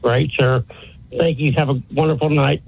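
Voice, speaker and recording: Man, radio caller, friendly, gravelly, husky, tinny phone line. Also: mid-range voice, fairly even intonation, moderate pace. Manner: friendly, casual.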